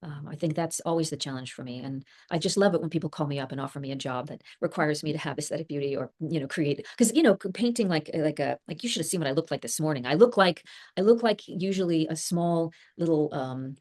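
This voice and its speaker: A middle-aged woman with a notably low voice, chatting casually as an interview guest. She thinks aloud, circles back on her words and often breaks into laughter. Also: fast talker, darkish tone. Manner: thoughtful, rambling, laughs often. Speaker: actress guest.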